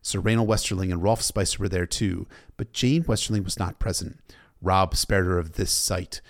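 A man's voice: deep voice, normal speed. A man recapping a story in a casual, irreverent way, cursing freely. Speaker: book recap narrator.

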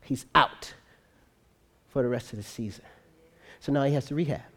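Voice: mid-range voice, moderate pace. A preacher telling a story in a conversational sermon, often checking in with listeners by asking them to agree. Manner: conversational, animated, frequent tag questions.

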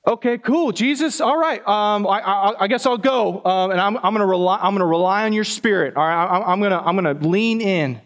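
A man's voice: high-pitched, a bit bright, pitched above the performer's own voice. A man voicing a hesitant male follower who stammers nervously while agreeing to go. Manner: halting, stammering, eager to please.

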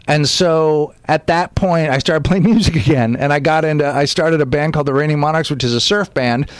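A man's voice: a little high, moderate pace, few pauses, dry recording. A man, a stand-up comedian, telling stories animatedly as a guest in a casual interview, acting out quotes in different voices.

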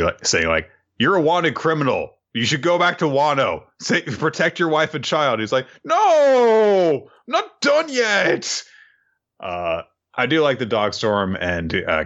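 Brief: low, bright-edged male voice, casual rambling recap, dull lo-fi recording. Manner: rambling, excitable, paraphrases characters with many fillers. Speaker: manga recap commentator. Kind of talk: casual recap of a comic chapter.

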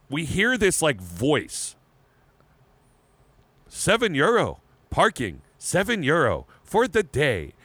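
A man co-hosting a podcast, telling a story in casual chat, animated and laughing, often restarting his words. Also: fairly high pitch, no room sound. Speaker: podcast co-host.

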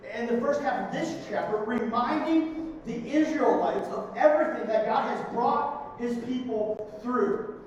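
Pastor preaching, casual sermon style, keeps asking "right?", very echoey hall, far from the mic. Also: mid-range voice. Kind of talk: conversational sermon. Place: church sanctuary. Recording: distant, echoey hall recording with faint noise.

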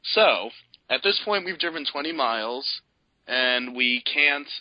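A man calling in to a radio show, telling a long, exasperated story in a casual, animated way. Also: mid-range voice, slow, no echo. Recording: dull lo-fi radio broadcast.

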